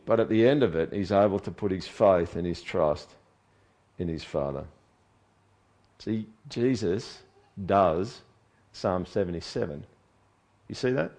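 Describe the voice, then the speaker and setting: Guy preaching a sermon, gets quiet then really loud and emphatic, keeps going "all right?". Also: sits low, a little slow, pauses often, poor audio. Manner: expressive, swings from hushed to loud and emphatic; asks listeners tag questions.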